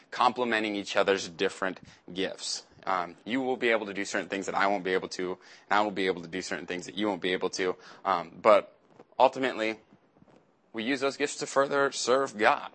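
A man's voice: lowish voice, a little fast, a bit bright. A young man preaching a casual sermon as a youth pastor, chatty and acting out quotes in little voices.

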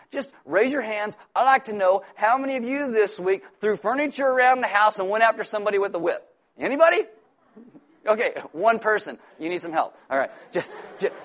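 A man with a high-pitched voice preaches a sermon. He keeps it lively with humorous asides and banter toward his congregation. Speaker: pastor.

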